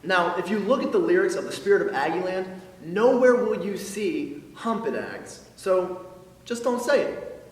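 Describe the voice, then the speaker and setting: A young man, a yell leader, explaining yells slowly and deliberately, then shouting the counts. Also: sits high, lively intonation. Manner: slow, deliberate explaining between loud counts. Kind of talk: instructional demonstration. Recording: echoey hall, voice from far off.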